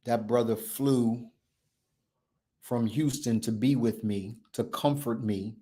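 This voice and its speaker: Taking it slowly in a steady tone, this show host gives an impassioned motivational talk. He relies on a repetitive, emphatic, preacher-like rhythm, switching between loud declarations and low, hushed passages.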